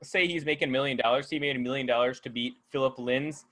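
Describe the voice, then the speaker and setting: Bright, joking man co-host. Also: medium pitch, steady tone, quick pace, poor audio. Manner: joking, playful, laughs at his own jokes. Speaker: podcast co-host. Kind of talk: casual chat about MMA.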